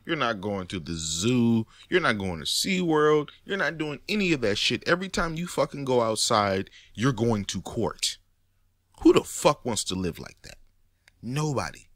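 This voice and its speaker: A man talking in a casual monologue, animated and profane, often rising to near-shouts. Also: mid-range voice, dry recording, clean studio sound. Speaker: commentator.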